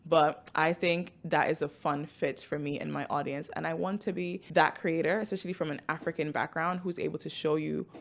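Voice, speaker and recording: A woman in her twenties, from Nigeria, hosting a podcast in a loud, excitable, chatty way with frequent laughter. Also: sits low, brisk, gravelly, hardly any pauses. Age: 20s. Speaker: podcast host. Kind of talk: casual podcast chat.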